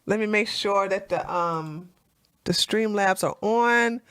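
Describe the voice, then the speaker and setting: A woman hosting a casual political chat livestream, animated and laughing, with lots of fillers and restarts. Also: medium pitch, slow pace, clean tone, no echo, studio quality. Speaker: livestream host.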